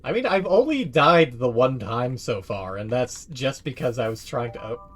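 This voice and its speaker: A man's voice: medium pitch, expressive, moderate pace, slight background noise. Chatty swearing male game streamer. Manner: chatty, swears freely, rambles. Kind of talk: casual let's-play commentary.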